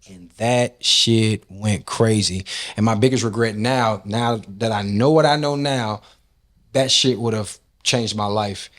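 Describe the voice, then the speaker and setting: A man from Nashville with a fairly low voice talks casually in an interview, loose and profane. He tells long stories and acts out the lines of the people in them. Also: measured pace. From Nashville, Tennessee. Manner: loose, profane, animated storytelling with acted-out quotes. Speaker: guest, rap and R&B artist.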